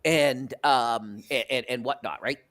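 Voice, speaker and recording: A man's voice: mid-range voice, a little slow, fairly bright tone. A Canadian man hosting a sports podcast, telling stories in a rambling way with many fillers and restarts. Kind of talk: casual sports chat.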